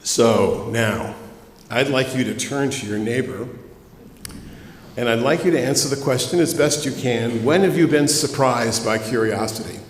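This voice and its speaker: A man's voice: medium pitch, moderate pace, slight background noise. A man, a minister, giving a sermon in a conversational storytelling way and speaking directly to his congregation. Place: church sanctuary. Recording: echoey hall ambience.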